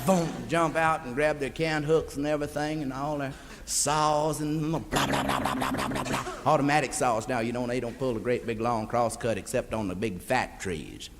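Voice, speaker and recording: Folksy Southern comedian, rambling drawl. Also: male voice, medium pitch, fairly even intonation, moderate pace. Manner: folksy, drawling, rambling, calls the audience beloved. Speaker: stand-up comedian. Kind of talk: rambling live stand-up monologue. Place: stage before a live audience. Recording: echoey 1960s live LP recording with hiss.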